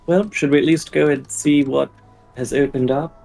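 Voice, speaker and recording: A man playing a tabletop game, speaking in a mild, measured way. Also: on the high side, steady tone, creaky, darkish tone, faint music behind, low-quality recording. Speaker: player. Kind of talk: casual tabletop play.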